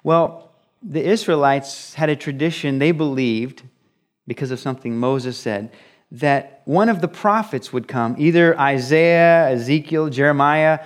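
A man preaching a conversational sermon, explaining scripture with rhetorical questions and acted-out quotes. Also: on the high side. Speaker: pastor. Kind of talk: expository sermon.

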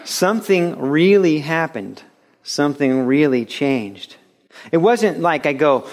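Animated pastor preaching, slightly high voice. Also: male voice, a little slow. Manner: animated storytelling with acted-out quotes. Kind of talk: sermon. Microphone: radio broadcast of a recorded sermon.

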